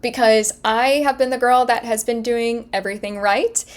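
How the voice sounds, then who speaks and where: A woman's voice: a little high, steady tone, normal speed. A woman in her thirties hosts her own podcast and talks through a personal story. Her delivery is earnest and heartfelt, loose and conversational, with plenty of casual fillers along the way. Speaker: podcast host and health coach.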